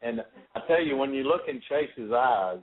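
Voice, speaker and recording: A man's voice: mid-range voice, expressive, moderate pace. A man co-hosting a call-in radio show, joking and praising a caller. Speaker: co-host. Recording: tinny phone-like audio.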